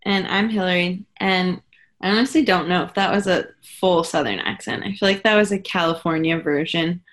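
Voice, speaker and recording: A woman's voice: lowish voice, moderate pace. Chatty young woman co-hosting a podcast. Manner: chatty, animated storytelling with quoted asides. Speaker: podcast co-host. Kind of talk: casual chat.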